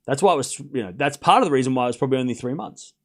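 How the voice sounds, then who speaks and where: A man calling a tennis match live for his stream, excitable and chatty, chuckling between points. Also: medium pitch, rapid-fire. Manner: excitable play-by-play, chatty, laughs often. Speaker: streamer host. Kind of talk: live watchalong commentary.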